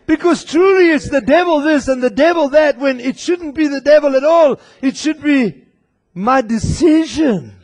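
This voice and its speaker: Guy preaching in church, really high voice, fired up, shouts some lines at the crowd. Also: animated, normal speed. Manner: impassioned preaching, at times shouting; talks directly to the congregation. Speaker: pastor. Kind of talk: sermon.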